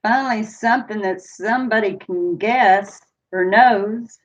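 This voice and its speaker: A woman hosts a casual live-stream trivia game, chatty and laughing often as she reads questions and talks with viewers. Her mid-range voice moves a little slowly, and the stream audio is dull and lo-fi.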